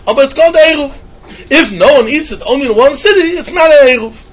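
Fast-talking male Talmud teacher, singsong back-and-forth reasoning. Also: extremely high pitch, expressive, dull audio. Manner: sing-song questioning, repeats phrases, mixes Yiddish and Hebrew terms. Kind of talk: yeshiva-style Talmud lesson.

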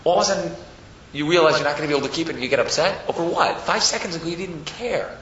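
A young man tells a story at a Torah talk in a bright, forceful voice, bursting into shrill shouts when he acts out his family. He sounds far from the mic in a very echoey room, with the sound dull and lo-fi. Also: rapid-fire, slight background noise. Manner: animated storyteller, acts out family members in loud high voices. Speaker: Torah speaker.

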